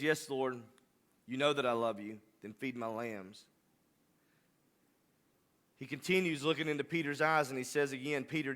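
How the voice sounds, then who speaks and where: A man's voice: on the high side, fairly bright tone. A man preaching a sermon, rising to impassioned, emphatic delivery. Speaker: pastor.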